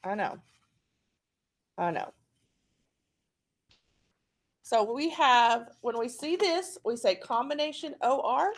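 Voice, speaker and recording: A woman teacher with an Oklahoma accent walks students through a phonics lesson. She talks slowly in a fairly high voice and repeats each word patiently so they can practice it. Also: expressive.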